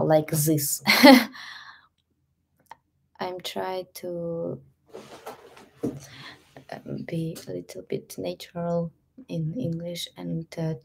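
A woman with a Russian accent chatting casually on a live stream as a stretching coach, in halting English with soft whispered asides. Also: lowish voice, vocal fry, slight background noise. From Ukraine.

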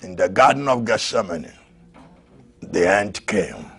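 A man preaching a sermon, swinging from shouted peaks to low murmurs and laughing often. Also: animated, measured pace, creaky, slightly rough.

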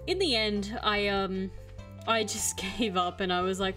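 A woman's voice: mid-range voice, steady tone, unhurried, a bit bright. Casting: young woman, livestream gamer, chatty and exasperated, mid-range voice, faint music underneath. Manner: chatty, exasperated storytelling with swearing. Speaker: streamer. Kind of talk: casual gameplay chat.

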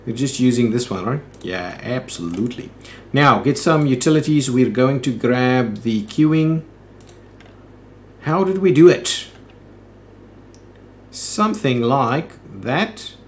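Game-commentary host, male, easygoing think-aloud delivery, mid-pitched voice, faint background noise. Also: takes it slowly, long pauses. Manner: thinks aloud, chatty, frequent "ooh" and "um". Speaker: let's play host. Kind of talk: casual gameplay commentary.

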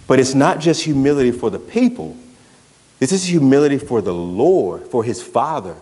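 A man's voice: mid-range voice, expressive, moderate pace, warm tone, long reverb tail. A man, a pastor preaching a sermon in a conversational, emphatic way that drives points home through repetition. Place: church sanctuary.

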